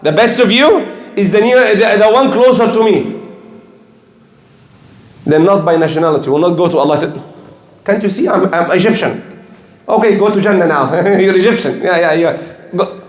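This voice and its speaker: Older male preacher, high-pitched, emphatic and repetitive, roomy echo. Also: normal speed, pauses often. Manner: earnest, repetitive, emphatic, with slips. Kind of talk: sermon. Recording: echoey room.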